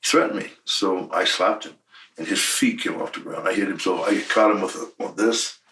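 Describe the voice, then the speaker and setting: A man's voice: sits low, steady tone, moderate pace, fairly bright tone, far from the mic, poor audio. A man in his sixties, a former wrestler, telling blunt, profane stories in an emphatic shoot interview. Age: 60s.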